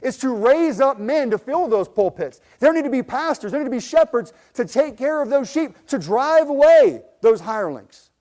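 High-voiced man preaching earnestly. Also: lively intonation, normal speed, hardly any pauses. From United States. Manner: earnest, builds to emphatic peaks, then drops low and soft; frequent restarts and repeated words. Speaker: pastor. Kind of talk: sermon with personal storytelling.

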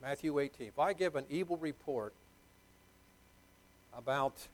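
A man's voice: a little high, unhurried, low-quality recording. A middle-aged man delivers a sermon in a slightly raised voice. He leans hard on key words, repeating them, and keeps putting questions to the congregation. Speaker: pastor.

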